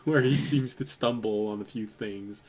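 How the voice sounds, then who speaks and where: A man narrating as game master of a tabletop game, relaxed and laughing often. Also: lowish voice, moderate pace.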